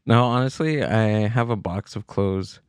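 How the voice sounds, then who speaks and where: Smooth-voiced man in easygoing banter. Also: lowish voice, measured pace, no room sound. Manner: easygoing, rambling, laughs often. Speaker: podcast co-host. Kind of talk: casual comedic banter.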